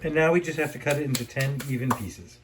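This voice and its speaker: A man's voice: mid-range voice, quick pace, noisy background. A man co-hosting a cooking show, trading goofy, teasing banter with his partner. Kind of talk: casual cooking chat.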